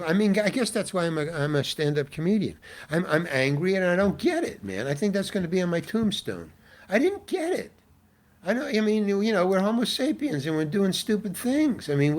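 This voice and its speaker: Lively, rambling older man. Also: sits high. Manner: animated, rambling, frequent restarts, exasperated asides. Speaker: guest actor. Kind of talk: casual interview storytelling.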